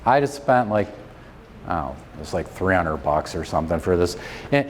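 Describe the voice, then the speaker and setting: A middle-aged man, a chiropractor, telling a story at a convention seminar in a joking, self-deprecating, animated way. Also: deep voice, brisk, slight background noise. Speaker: chiropractor giving a seminar talk. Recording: long reverb of a large hall.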